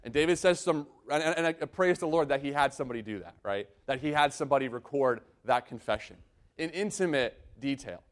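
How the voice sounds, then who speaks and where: A man's voice: mid-range voice, animated, fairly quick. A man preaching a sermon, reading scripture and explaining it in an earnest way, often repeating and restarting his phrases. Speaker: pastor.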